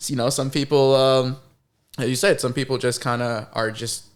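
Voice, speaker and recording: A man's voice: mid-range voice, fairly even intonation, moderate pace. A young man, a filmmaker guest, chatting casually on a podcast in a laid-back, slangy way with lots of fillers.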